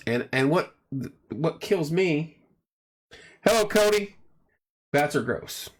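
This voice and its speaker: A man's voice: on the high side, animated, takes it slowly. Chatty man on a livestream. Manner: chatty, rambling storyteller greeting viewers. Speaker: livestream host. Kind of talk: casual livestream chat. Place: home room at night.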